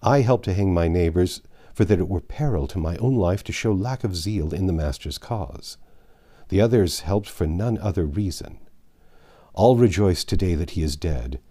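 Brief: male reader doing a poor, fearful peasant man, low and mellow, hesitant then earnest. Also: animated, moderate pace.

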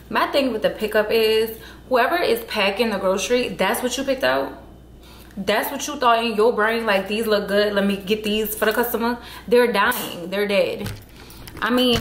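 A woman's voice: medium pitch, echoey room, a little hiss or hum. A woman vlogging casually at home, venting in an exasperated, emphatic way about a grocery order. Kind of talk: casual vlog talk to camera. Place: at home indoors.

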